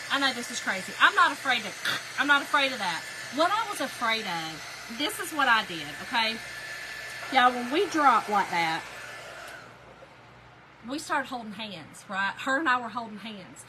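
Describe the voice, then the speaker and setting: A woman's voice: high voice, background noise. A woman, animatedly telling a story to her viewers while she crafts. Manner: animated, chatty, addresses viewers as y'all. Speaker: crafting livestream host.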